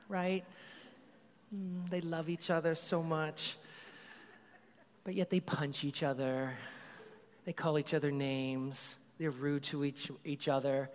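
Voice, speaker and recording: A middle-aged man preaching a sermon as a pastor, telling stories about his kids in a casual, conversational way. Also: a little high. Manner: conversational storytelling, animated when excited. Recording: long reverb of a large hall.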